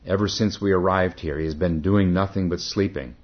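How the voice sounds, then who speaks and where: A man's voice: low-pitched, steady tone, fairly quick, muffled recording. A man voicing an earnest, restless younger male Zen monk. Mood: annoyed. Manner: complaining, searching.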